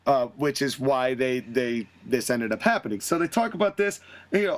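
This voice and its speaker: Speaking a little fast in an expressive mid-range voice, the podcast host walks through a fantasy wrestling booking in a relaxed recap. He brings the storyline to life by voicing the characters' quotes in changing tones.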